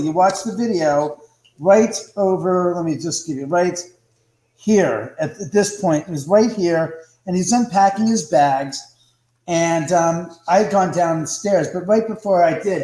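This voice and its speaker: A man chats from home over a video call, his voice a bit higher than most men's. He tells his story with animation and acts out quotes, and the room around him gives a clear echo. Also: measured pace, mellow. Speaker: guest, house owner and author. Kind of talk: casual livestream chat.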